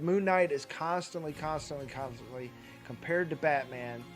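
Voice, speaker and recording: A man co-hosting a casual chat show, rambling through his points with lots of fillers, restarts and laughs. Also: fairly high pitch. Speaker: podcast co-host.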